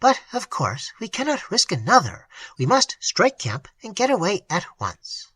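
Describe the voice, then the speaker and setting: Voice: mid-range voice, huge pitch swings, moderate pace, bright, forceful tone, breathy edge, no room sound, voice pushed up, exaggerated voice. A narrator voicing a middle-aged male clergyman who speaks in a pulpit voice strained by emotion, in a classic storybook reading. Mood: agitated.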